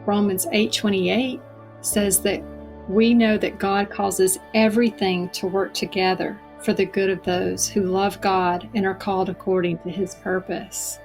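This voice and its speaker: A middle-aged woman giving an earnest, reflective personal testimony as a podcast guest, slowing down for emphasis. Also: medium pitch, level tone, a little mellow, soft background music.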